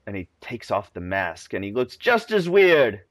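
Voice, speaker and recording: A man's voice: fairly low pitch, big pitch swings, normal speed, fairly bright tone, dry recording. A young man giving casual, chatty commentary on a video game, wondering aloud as he plays.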